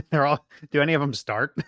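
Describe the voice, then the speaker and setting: A man's voice: on the high side, normal speed, fairly bright tone, no echo, lo-fi sound. A man co-hosting a true-crime podcast, dropping wry, joking asides in a casual chat. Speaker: podcast co-host.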